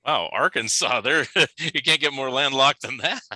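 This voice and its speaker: A man from California hosts a relaxed podcast chat. He is talkative and laughs easily, his voice sharp and bright. The close mic is dry, with no room sound. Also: medium pitch, normal speed, no room sound, low-quality recording. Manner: chatty, laughs often, asks follow-up questions. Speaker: podcast host. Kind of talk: casual interview chat.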